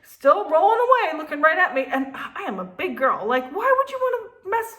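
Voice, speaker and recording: Animated New woman in her fifties. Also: very high-pitched, a little fast. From New Jersey. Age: 50s. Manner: animated, laughing, swears. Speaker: vlogger. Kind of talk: casual storytelling.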